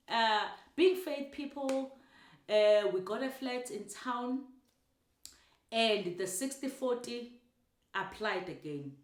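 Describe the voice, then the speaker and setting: Emotional South African woman, echoey room. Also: medium pitch. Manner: emotional, repetitive, mixing in isiZulu words. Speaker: speaker sharing a personal story. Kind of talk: personal testimony.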